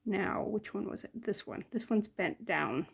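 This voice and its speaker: Gravelly-voiced older woman chatting while crafting. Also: medium pitch, animated, a little slow, a little hiss or hum. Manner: chatty, muttering to herself while working. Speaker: jewelry crafter. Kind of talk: casual crafting chat.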